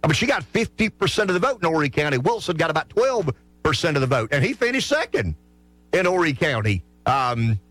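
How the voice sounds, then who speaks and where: Lively man in his sixties hosting talk radio. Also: a little high, brisk, no echo, soft background music. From South Carolina. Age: 60s. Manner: animated, restarts and repeats words while making a point. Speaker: radio show host.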